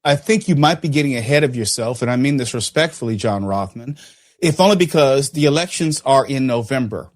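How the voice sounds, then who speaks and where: Male talk-radio host, interviewer, measured and probing, average pitch. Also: animated.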